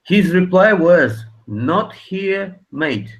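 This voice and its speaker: A man on an online group call, speaking haltingly with many restarts. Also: sits high, expressive, rough recording. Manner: halting, stumbles and restarts a lot. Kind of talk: casual group call chat.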